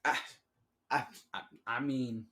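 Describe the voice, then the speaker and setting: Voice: medium pitch, fairly even intonation, slow, sharp tone. A podcast host talking alone in a casual, sarcastic way, using slang, calling listeners "y'all" and laughing at their own remarks. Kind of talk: solo casual podcast commentary.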